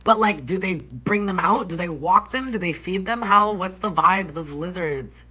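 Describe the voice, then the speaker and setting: A woman's voice: fairly low pitch, moderate pace, slightly rough, muffled recording. A young woman vlogging casually from a hotel room, chatting with her viewers, reading out their questions and swearing freely. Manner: chatty and animated, swears often, reads out chat questions. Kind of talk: casual chat.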